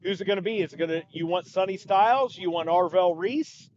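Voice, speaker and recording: A man's voice: high voice, fairly quick, darkish tone, highs cut off. A man co-hosting a casual live sports podcast, chatting and thanking viewers in the stream chat. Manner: chatty, reads out viewer comments. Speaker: podcast co-host.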